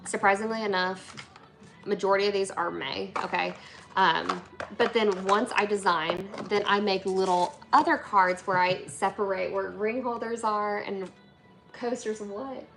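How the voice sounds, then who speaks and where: A woman's voice: mid-range voice, steady tone, unhurried, creaky, a bit bright, soft background music. A woman hosting a casual livestream from her workshop, chatty and bubbly, reading viewer comments aloud and laughing often. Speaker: livestream host, flower preservation business owner.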